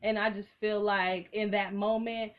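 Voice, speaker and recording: A woman's voice: mid-range voice, little pitch movement, a little slow. A young woman giving a casual, blunt and profane commentary, full of sassy asides. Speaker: reality TV commentator.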